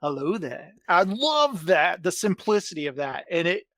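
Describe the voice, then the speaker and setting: A man's voice: high-pitched, moderate pace, dry recording. Enthusiastic male podcast host, dry sound. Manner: enthusiastic, animated storytelling. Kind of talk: casual chat.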